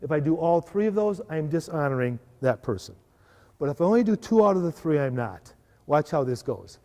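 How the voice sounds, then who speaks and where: A man giving a lively live workshop talk to a parish group, often asking the audience to agree. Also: on the high side, fairly quick. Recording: live hall recording with long reverb.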